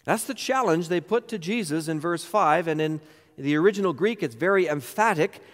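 A man's voice: a little high, expressive, normal speed, in a large hall. A man pastor delivering a sermon, emphatic and full of rhetorical questions.

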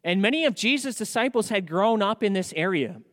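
A male pastor preaching a sermon in a church, animated and asking rhetorical questions. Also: high-pitched, a little fast, big-room sound.

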